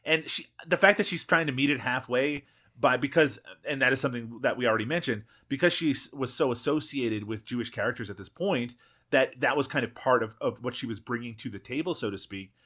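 A man's voice: medium pitch, fairly quick, a bit bright. A man co-hosting a film podcast, talking casually and at length, with frequent restarts and swearing. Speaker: podcast co-host. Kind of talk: casual chat.

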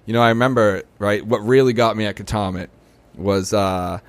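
A young man tells his story in a low, smooth, resonant voice. He talks casually, leaning on "you know" and "right?" as he goes. The sound is close and dry. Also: normal speed, dry recording. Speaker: podcast guest.

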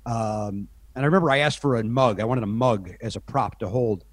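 A man's voice: medium pitch, a little fast, breathy edge, dry recording. Middle-aged man, podcast guest, rambling self-deprecating storyteller, mid-range voice, dry close mic. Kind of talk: casual anecdotal storytelling.

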